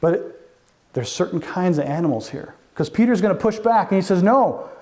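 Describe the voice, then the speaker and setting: A man preaches in a fairly high voice. His sermon is conversational and animated, full of asides and quick explanations to the congregation. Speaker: pastor.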